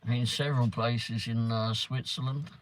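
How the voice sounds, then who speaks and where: An English man chats on a casual livestream at an ordinary mid-range pitch. He rambles from topic to topic and answers viewers by name in a loose, easygoing way. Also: fairly even intonation, unhurried, slight background noise, low-quality recording. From England. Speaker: livestream host. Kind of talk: casual chat reading live comments. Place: in a car around town.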